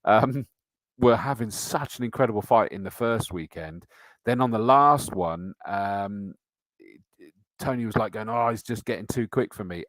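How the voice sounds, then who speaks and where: Middle-aged host, matey and chatty, slightly low voice, dry close sound. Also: male voice, moderate pace, fairly bright tone, dry recording. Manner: chatty, matey, reads out comments and entry lists. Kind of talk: live-stream chat reading viewer comments.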